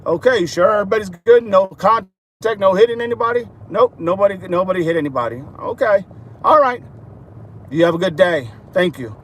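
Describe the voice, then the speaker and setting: A man's voice: sits high, expressive, a little fast, slight background noise. A man playing a male patrol officer questioning drivers and then radioing a routine report to headquarters. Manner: casual police radio lingo. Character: male patrol cop, routine and matter-of-fact.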